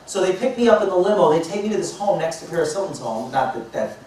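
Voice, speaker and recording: A man in his fifties, a motivational speaker telling lively stories to a live audience and acting out both sides of conversations. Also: on the high side, fast. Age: 50s. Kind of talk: storytelling talk to a live audience. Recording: echoey hall, mic far off, faint noise.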